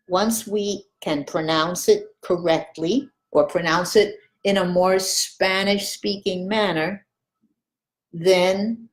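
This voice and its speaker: A woman teaching Spanish pronunciation in an online lesson, patiently modeling each sound and coaching the listener. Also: lowish voice.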